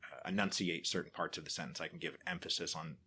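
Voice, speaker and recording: A man's voice: deep voice, quick pace, slight background noise. An American man in his forties, a podcaster and author, chatting casually in an interview and acting out remembered exchanges with animation. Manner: animated storyteller, acts out quoted exchanges.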